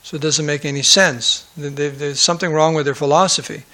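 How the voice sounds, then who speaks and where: A man's voice: fairly high pitch, steady tone, a little fast, bright, forceful tone. A man giving a conversational scripture class, mixing reading with joking asides and acted-out quotes. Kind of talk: sermon-style scripture class.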